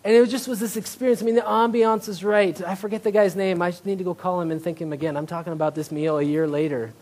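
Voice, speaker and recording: Here a man preaches in a high-sitting, darkish voice, keeping a steady tone while talking fast. His sermon is conversational, peppered with "right?" and jokes at his own expense.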